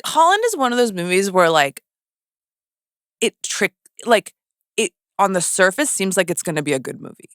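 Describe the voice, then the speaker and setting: A woman's voice: mid-range voice, moderate pace, clear, resonant tone, dry recording, clean studio sound. A woman guest on a podcast, chatting casually and acting out jokey asides in her stories. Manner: animated, jokey storytelling with acted-out asides. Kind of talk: casual chat.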